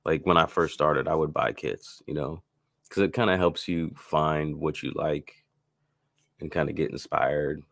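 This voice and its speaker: Man, extremely deep voice, dry close sound, relaxed live-stream tutorial host, rambling with many fillers. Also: a little slow, vocal fry, no room sound. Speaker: beat maker hosting a live stream.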